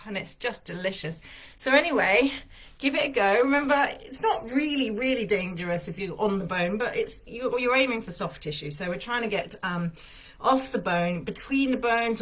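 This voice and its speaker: A woman leads a casual massage lesson, talking through each move with chatty enthusiasm. She sounds slightly out of breath, her voice sitting at an ordinary middle pitch. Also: a bit bright. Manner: chatty, enthusiastic, thinking aloud with fillers. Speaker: massage and yoga teacher.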